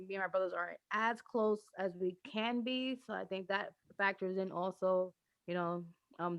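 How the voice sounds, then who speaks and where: A woman's voice: on the low side, no room sound, muffled recording. A woman in casual podcast chat, talking candidly and reflectively about her life. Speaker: podcast co-host.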